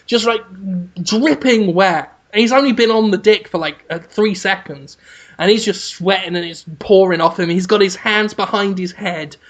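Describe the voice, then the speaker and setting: Rambling deadpan comedy storyteller. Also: medium pitch, normal speed. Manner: rambling, lots of fillers and restarts, deadpan build-up. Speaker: podcast co-host pitching a joke movie.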